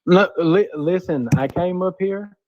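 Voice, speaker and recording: A man's voice: high voice, measured pace, a little mellow, dull audio. A man calling into a livestream, joking around in a mock-indignant way. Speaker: caller. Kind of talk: casual call-in banter.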